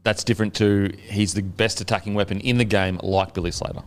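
A young Australian man guesting on a casual sports chat, laid-back and quick to laugh. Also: fairly low pitch, steady tone. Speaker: podcast guest.

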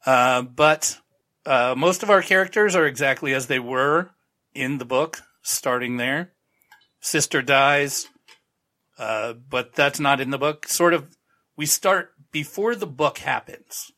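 Bright-voiced, irreverent male podcast host. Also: mid-range voice, slow pace. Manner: rambling, irreverent, sarcastic. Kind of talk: casual recap of a TV show.

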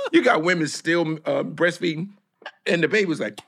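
A man in casual storytelling chat, animated, his voice jumping into loud laughing squeals at the punchlines. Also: fairly high pitch, moderate pace, creaky, a little hiss or hum.

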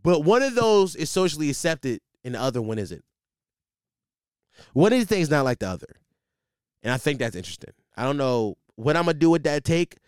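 A man does a rambling, comedic monologue, full of fillers and restarts. His voice is smooth and clear, sits slightly high, and swings widely in pitch. The sound is dry and close. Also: a little fast, no echo. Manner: animated, rambling, lots of fillers and repeats.

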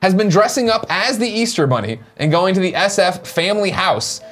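A man hosting a casual morning chat show, running through plugs and announcements in a lively, jokey way. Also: high-pitched, a little fast, soft background music.

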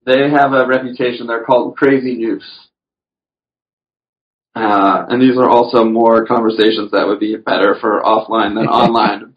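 A man chatting casually on a podcast as a guest, rambling through his stories with lots of "you know" fillers. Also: mid-range voice. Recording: dull lo-fi recording.

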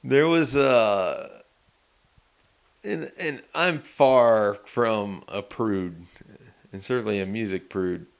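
A man's voice: lowish voice, slow, gravelly, smooth. A man co-hosting a casual sports podcast, telling stories in an easygoing, rambling way. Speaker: sports reporter and co-host.

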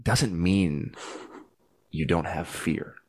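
Earnest low-voiced man reflecting. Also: drawn-out words. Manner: earnest, reflective, bursts into loud pleading when recounting prayers. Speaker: podcast guest. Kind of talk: heartfelt conversation.

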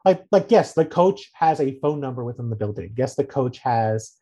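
A man's voice: mid-range voice, lively intonation, moderate pace. A man hosting a sports podcast in casual chat, sounding incredulous and sardonic as he reads out quotes. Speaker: podcast host.

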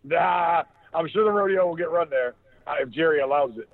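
A man's voice: fairly high pitch, brisk. Tinny-sounding rambling male podcast host. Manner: loose, profane, rambling with restarts. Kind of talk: casual sports chat.

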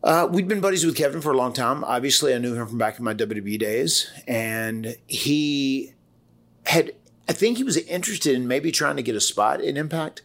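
A man's voice: medium pitch, lively intonation, moderate pace, fairly bright tone. A man in his forties with a Southern US accent, co-hosting a casual podcast and telling rambling stories full of quoted voices and restarts. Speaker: wrestler and podcast co-host.

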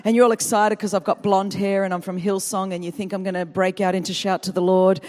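A woman's voice: mid-range voice, flat delivery, quick pace, darkish tone. A woman from Australia with an Australian accent, preaching a humorous sermon and chatting and joking with the congregation. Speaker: guest preacher. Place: large church auditorium. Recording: long reverb of a church hall.

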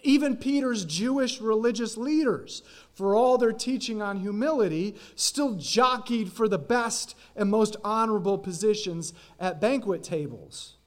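A male pastor preaching at an unhurried, deliberate pace, his voice sitting high for a man. He speaks earnestly, explaining scripture and now and then acting out quoted lines for emphasis. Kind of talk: sermon. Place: church sanctuary.

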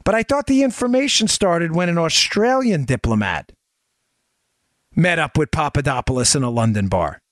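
A man's voice: fairly high pitch, lively intonation, normal speed, a bit bright, dry recording, studio quality. A man hosting a political podcast, delivering emphatic commentary full of rhetorical questions aimed at his listeners. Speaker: podcast host.

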